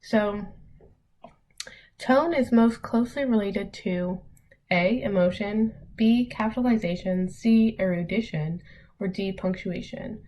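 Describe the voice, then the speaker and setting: A woman's voice: mid-range voice, measured pace, dark tone, poor audio. A young adult woman teacher walks through a recorded online lesson. She explains step by step, chatty and full of ums.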